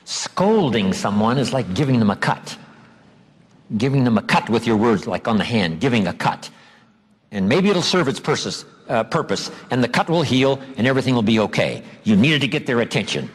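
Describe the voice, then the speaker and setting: Husky guy giving a seminar talk, leans hard on words and stretches them out slow. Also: medium pitch, big pitch swings. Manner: emphatic, stretches key words slowly. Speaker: seminar speaker. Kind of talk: motivational seminar lecture. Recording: long hall reverb.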